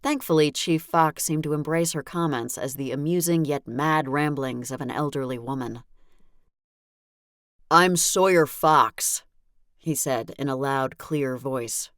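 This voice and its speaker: A woman reads a first-person audiobook with a wry, exasperated edge, her voice sitting very low. The recording is close and dry, with no room echo at all. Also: steady tone, moderate pace, few pauses. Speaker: audiobook narrator. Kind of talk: first-person scripted narration.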